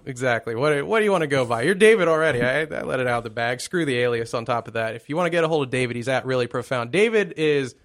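American guy hosting a podcast, mid pitch, crude rambling jokes. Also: animated, fast, hardly any pauses. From United States. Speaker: podcast host. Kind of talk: casual comedic chat.

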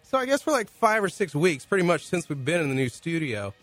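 A man's voice: on the high side, sing-song, fairly quick, fairly bright tone, no echo, faint music behind. A man hosting a podcast in a small studio, sick with a cough, joking and rambling in casual chat on a studio mic. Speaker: podcast host.

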